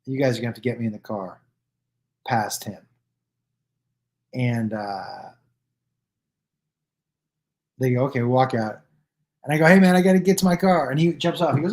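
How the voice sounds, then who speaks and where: A man chats straight to his viewers, spinning stories in a loose and profane way. He acts out each person in the stories with "I go" and "he goes." His pitch sits in an everyday middle range. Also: moderate pace, gravelly, long pauses. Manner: animated, acts out quoted dialogue with "I go" and "he goes"; loose and profane, with restarts and fillers. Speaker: comedian hosting his own live stream. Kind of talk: casual storytelling to viewers.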